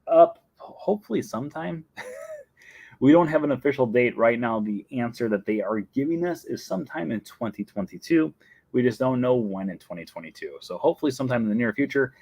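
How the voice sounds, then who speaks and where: A young man chats casually and rambles through stories, laughing often. His medium-pitched voice rises and falls a lot. The recording is close and dry. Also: animated, a little fast, darkish tone, no room sound. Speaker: host. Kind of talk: casual chat answering viewer questions.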